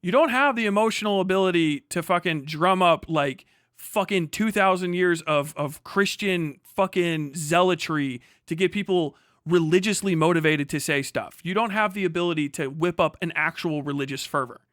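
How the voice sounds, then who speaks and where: Angry streamer, male, high and bright voice, profane sarcastic rant, dry close sound. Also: moderate pace, no echo. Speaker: streamer reacting to an article. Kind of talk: ranting live commentary.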